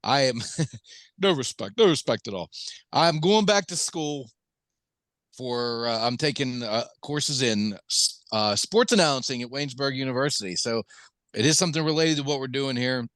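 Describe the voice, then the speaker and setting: A man's voice: medium pitch, expressive, normal speed, a bit bright, no echo. A fifty-year-old man from Pennsylvania co-hosting a sports podcast, self-deprecating and jokey. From Washington, Pennsylvania. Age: 50s. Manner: self-deprecating, jokey, sings snatches of songs. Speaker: podcast co-host. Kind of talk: casual sports podcast chat.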